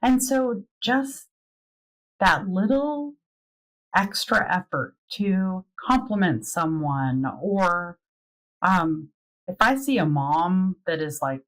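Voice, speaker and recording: A woman's voice: on the low side, rough recording. A woman in a casual podcast conversation, speaking in an earnest, encouraging way. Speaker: podcast conversation partner, mother.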